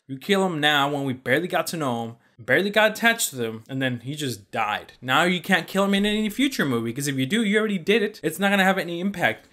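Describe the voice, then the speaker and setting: A man's voice: on the high side, sing-song, fast talker, hardly any pauses, bright, forceful tone. A young man giving a casual, blunt movie review, exasperated and swearing freely. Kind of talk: casual opinion rant.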